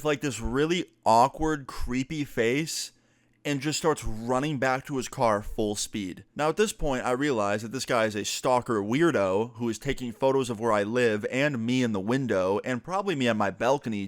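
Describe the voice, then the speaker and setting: A man and gaming YouTuber telling a storytime vlog in an animated way, swearing casually. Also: mid-range voice, dry recording.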